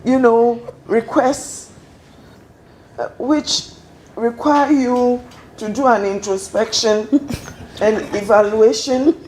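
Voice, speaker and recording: A woman on a webinar panel, thoughtfully giving advice in parables and laughing softly. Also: on the high side, takes it slowly, long pauses, a little hiss or hum, low-quality recording. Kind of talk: casual panel discussion.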